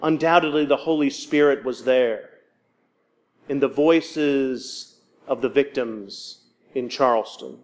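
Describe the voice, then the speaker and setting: A man preaching a sermon, measured and paced with dramatic pauses. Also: mid-range voice. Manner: measured, with dramatic pauses and voiced quotes of the disciples.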